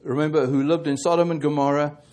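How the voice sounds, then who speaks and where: A man preaching a sermon, halting and correcting himself often, growing more emphatic as he presses his points. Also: a little high, little pitch movement, a little mellow. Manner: halting, with many fillers and self-corrections.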